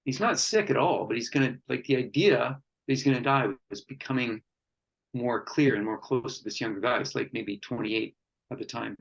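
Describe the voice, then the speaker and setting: A man speaking at a workshop on men and conflict, earnest and reflective, with pauses and fillers. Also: mid-range voice, creaky, dull audio.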